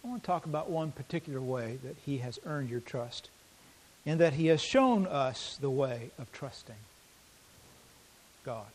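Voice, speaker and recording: A man preaching a sermon, reading scripture aloud slowly and swinging between loud emphasis and quiet intensity. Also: medium pitch, animated, a little hiss or hum, poor audio. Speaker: pastor.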